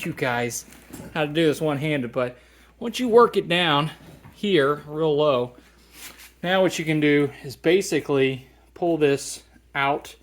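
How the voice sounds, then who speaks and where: Casual man explaining a garage repair. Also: on the high side. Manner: relaxed, thinking aloud with many fillers. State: slightly out of breath at times. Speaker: DIY car restorer. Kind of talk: casual how-to narration while working. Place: home garage.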